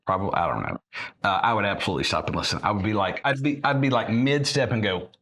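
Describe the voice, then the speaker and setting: A man co-hosts a podcast, talking in a teasing, halting way and often repeating his words. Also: fairly low pitch, expressive, a bit bright. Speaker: podcast co-host. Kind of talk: casual chat.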